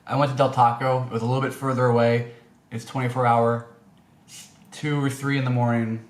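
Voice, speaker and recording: A man's voice: mid-range voice, little pitch movement, fairly quick. A man telling a story casually as a vlogger, rambling with many fillers and restarts. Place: indoor room. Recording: echoey room, faint noise.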